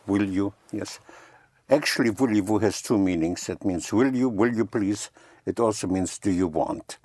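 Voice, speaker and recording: A man's voice: lowish voice, moderate pace, a little mellow, slightly rough, no room sound, clean studio sound. A man teaching French vocabulary, patiently repeating each word and spelling it out letter by letter. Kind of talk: language lesson.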